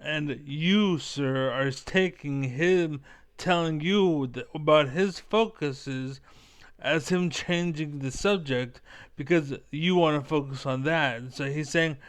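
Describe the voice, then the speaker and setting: A man's voice: fairly high pitch, takes it slowly. A man giving angry reaction commentary, profane and combative, rambling as he argues. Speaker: reaction video creator.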